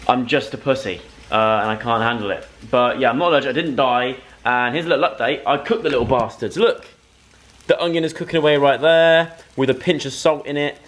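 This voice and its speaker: In his home kitchen, a man in his twenties cooks while vlogging straight into the camera mic. His medium-pitched voice moves briskly through rambling, self-deprecating, excitable chatter.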